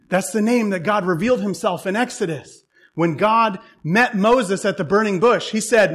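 A man's voice: high-pitched, measured pace, long pauses, husky. A man preaching a sermon, retelling a Bible story with humor and irony.

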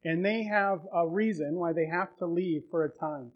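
A male pastor preaching a sermon, retelling a story with emotion and building to loud, heartfelt peaks. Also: on the high side, normal speed, muffled recording.

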